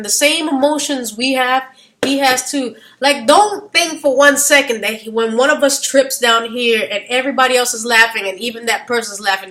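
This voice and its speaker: A woman vlogger talking casually, wandering off into side rants, losing her train of thought, and getting loud at times. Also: on the high side. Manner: animated, gets loud at times. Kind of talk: casual rambling monologue.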